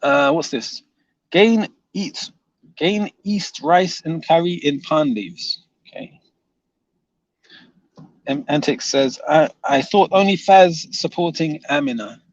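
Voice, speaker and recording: A man's voice: fairly high pitch, takes it slowly, no echo, lo-fi sound. Teasing man reading live chat. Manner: teasing, laughs often, reads comments aloud. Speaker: livestream host reading chat comments. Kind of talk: casual livestream chat.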